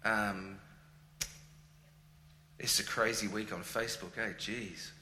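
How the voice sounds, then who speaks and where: A man's voice: lowish voice, fairly even intonation, takes it slowly. A man in his forties with an Australian accent, chatting as a guest in a casual, joking, self-deprecating way. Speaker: guest musician. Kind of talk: casual conversation. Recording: echoey room with faint ambient hum.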